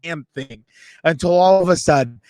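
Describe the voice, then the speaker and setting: A man with a high voice tells a rambling, animated story on a sports show. He mocks himself and acts out what the others said. The sound is dry and close, with no room echo. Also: normal speed. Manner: animated, self-mocking, voices others in quotes. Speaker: podcast co-host. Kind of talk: excited storytelling. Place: radio row event booth.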